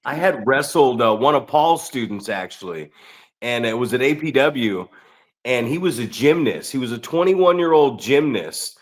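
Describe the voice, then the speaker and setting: A man's voice: medium pitch, expressive, normal speed. A middle-aged man, a veteran wrestler hosting a podcast, telling profane stories and asking his guest questions. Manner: profane, storytelling, asks questions. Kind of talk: casual podcast chat.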